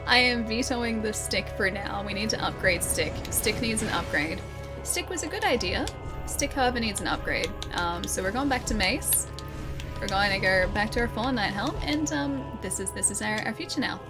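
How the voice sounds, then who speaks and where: This streamer, a woman with an animated mid-range voice and a moderate pace, chats and giggles with viewers while gaming. Game music plays underneath, and the recording quality is low.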